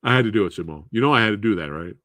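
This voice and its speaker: Lively low-voiced man hosting a live chat. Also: rapid-fire, no room sound, studio quality. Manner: animated, laughs often, swears casually. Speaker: live-stream movie show host.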